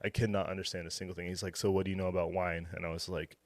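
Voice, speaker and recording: Deep-voiced man telling a rambling story. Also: flat delivery, very fast, dry recording, studio quality. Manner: rambling, filler-heavy, acts out quoted dialogue. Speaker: restaurant beverage director, podcast guest. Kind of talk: casual storytelling interview.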